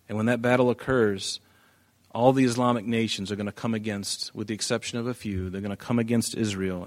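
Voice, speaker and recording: A man, a pastor preaching an expository sermon, reading scripture aloud and pressing points with emphatic rises and drops in volume. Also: lowish voice.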